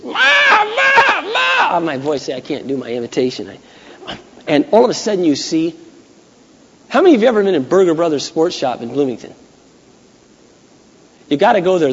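A man preaching a sermon, telling stories in a chatty way and building to loud, emphatic peaks. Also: fairly high pitch, husky. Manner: conversational storytelling, rising to loud emphatic peaks. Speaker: pastor. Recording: dull 1980s church recording with long hall echo.

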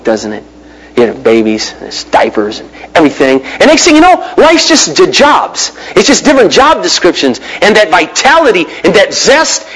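Animated high-voiced male preacher. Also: poor audio. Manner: animated storyteller, big pitch swings, mimics voices. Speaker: pastor. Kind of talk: sermon with personal stories.

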